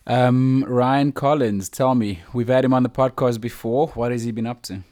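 A man co-hosting a podcast, chatting casually and relaxed, often laughing and using fillers. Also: mid-range voice, moderate pace. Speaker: podcast co-host.

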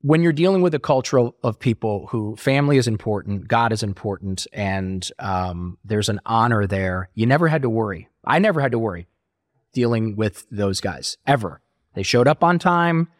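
A man's voice: lowish voice, expressive, moderate pace, no echo, studio quality. A middle-aged man telling his story as an interview guest, acting out quoted voices as he talks.

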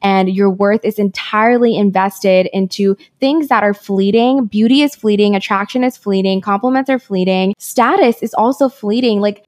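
A young woman co-hosting a podcast, telling stories in casual chat with lots of "like" and easy laughter. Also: mid-range voice. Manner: animated storyteller, lots of "like" and laughing. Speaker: podcast co-host.

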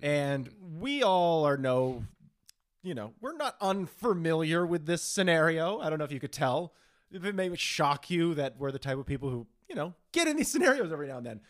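A man's voice: on the high side, normal speed. A young man hosting a podcast, telling a story in casual chat and acting out quotes. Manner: animated, acts out quotes in changing voices. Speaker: podcast host.

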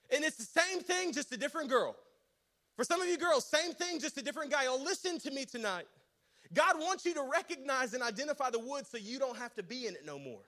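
A young man preaching a sermon, telling a funny story and calling out to his audience. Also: very high-pitched. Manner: energetic, joking, audience call-outs.

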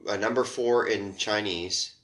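A male podcast host in casual conversation, halting and supportive, with frequent restarts. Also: on the low side, steady tone, a bit bright. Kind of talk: casual interview chat.

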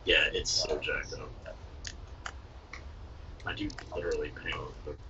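A man's voice: very deep voice, little pitch movement, a little slow, distant mic, highs cut off, a little hiss or hum. A man griping about a video game while chatting casually with friends on a call. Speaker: podcast co-host.

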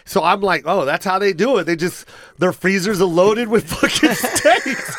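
A man hosting a podcast who tells a story in a casual, animated way, swearing and acting out quoted dialogue. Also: high-pitched, moderate pace, noisy background. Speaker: podcast host.

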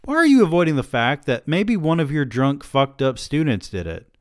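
A man voicing a sharp, sarcastic wife who answers in biting, clipped retorts. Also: fairly high pitch, sing-song, moderate pace, clean tone, no echo, clean studio sound, pitched above the performer's own voice.

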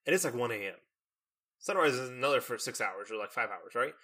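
A young man telling a long story in casual chat, animated and full of fillers, acting out the lines of the people in it. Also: medium pitch, fast, slightly rough. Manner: animated storytelling with many fillers and acted-out quotes.

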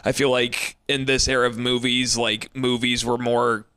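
A man's voice: medium pitch, level tone, normal speed, bright, forceful tone, smooth, no room sound. A man co-hosting a podcast, chatting casually about an old film, rambling with many restarts and laughing easily. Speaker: podcast co-host.

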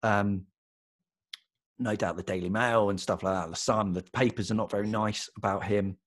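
A British man co-hosting a podcast, chatting casually and telling an animated story with frequent laughter. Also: on the low side, moderate pace. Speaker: podcast co-host. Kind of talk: casual chat.

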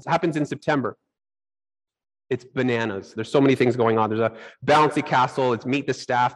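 A man's voice: a little high, rough recording. A middle-aged man preaching a sermon, telling personal stories and acting out his own reactions. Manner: animated storytelling, acts out his own reactions. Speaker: pastor.

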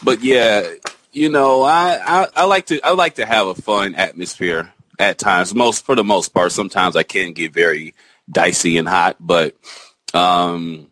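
Deep-voiced man in hesitant podcast chat. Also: measured pace, a bit bright, no room sound. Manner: hesitant, many restarts and fillers. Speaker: podcast co-host. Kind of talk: casual chat.

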